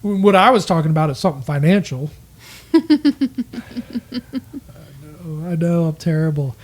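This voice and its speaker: A man's voice: a little high, animated, normal speed, long pauses, a little mellow. A man co-hosting a marriage podcast, talking earnestly and candidly, owning up to his own faults. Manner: earnest, self-critical, quotes people in acted voices. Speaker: podcast co-host.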